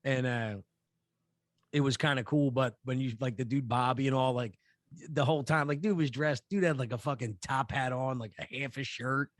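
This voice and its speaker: A man's voice: mid-range voice, steady tone, moderate pace, dry recording, studio quality. Rambling, profane podcast storyteller, man. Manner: rambling, profane, many fillers and restarts. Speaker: podcast co-host. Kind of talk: casual storytelling chat.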